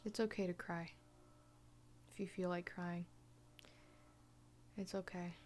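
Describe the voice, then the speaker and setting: A young woman chatting in a personal vlog, soft-spoken and often dropping to a half-whisper, with many fillers and restarts. She talks slowly and without hurry. A faint hum sits under the recording. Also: fairly low pitch, flat delivery. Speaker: vlogger.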